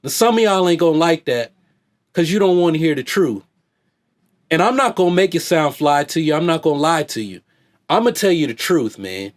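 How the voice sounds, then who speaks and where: A man with a notably high-pitched voice talks straight to his viewers in a loose, slangy rant. He keeps circling back with "hey, man" and "right?", in the style of a coach talking to his athletes. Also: sing-song, brisk. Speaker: vlogger and fitness coach. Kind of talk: off-the-cuff commentary rant.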